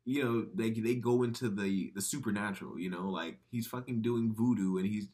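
A man's voice: fairly low pitch, a little fast. A young man co-hosting a casual movie chat, rambling and profane, acting out quotes. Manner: profane, rambling, animated storytelling with acted quotes. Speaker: podcast co-host.

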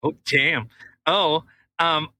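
A male podcast co-host in a casual, jokey chat who wanders through news articles as he reads them aloud. His voice is fairly high, bright and forceful. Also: extremely slow, no echo.

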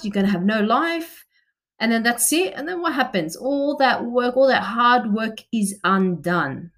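A woman's voice: on the high side, a bit bright. A woman in her thirties, a personal trainer, talking directly and chattily to the listener about exercise motivation and asking questions. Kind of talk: motivational talk to camera.

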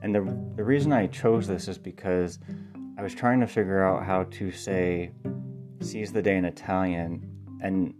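Male playwright, deep voice, loose spoken monologue, pauses and spells words out. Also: steady tone, music in the background. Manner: thinks aloud with ums, spells words letter by letter. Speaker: playwright and podcast host.

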